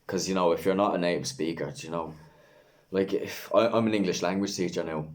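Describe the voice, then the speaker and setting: A man's voice: low-pitched, fairly even intonation, brisk. A young man with a Dublin accent, talking candidly and rambling in casual vlog chat, swearing freely. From Ireland. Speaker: vlogger, English language teacher.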